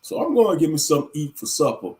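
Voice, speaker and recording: A man's voice: a little high, sing-song, rapid-fire, warm tone. A man hosting a casual livestream, ranting animatedly with plenty of cursing. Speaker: livestream host.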